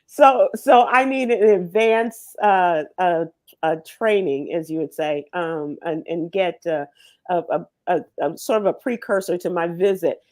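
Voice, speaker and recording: At an event venue, a woman hosts a radio show on location, bantering casually with a co-host, laughing often and using plenty of fillers. Her voice sits fairly low and she speaks unhurriedly, with no echo.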